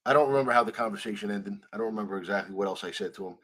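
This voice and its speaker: A man's voice: on the low side, rapid-fire. A man telling a story in a conversational interview, acting out the people he quotes and swearing freely. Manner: animated, acts out quoted dialogue, swears freely. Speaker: guest.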